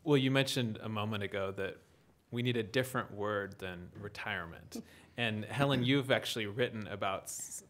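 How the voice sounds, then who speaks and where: A man moderating a live forum, asking questions in a measured, conversational way. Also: lowish voice, a bit bright.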